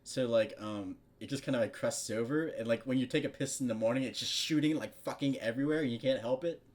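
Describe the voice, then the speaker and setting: A man's voice: mid-range voice, quick pace. A young man casually reading a fan story aloud, breaking off for crude asides, swearing and frequent laughter. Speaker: fan fiction reader.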